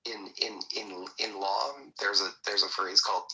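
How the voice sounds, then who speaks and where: A man who speaks haltingly and reads a children's storybook aloud, slipping into a whispery delivery. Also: on the low side, level tone, pushed and bright, rough recording.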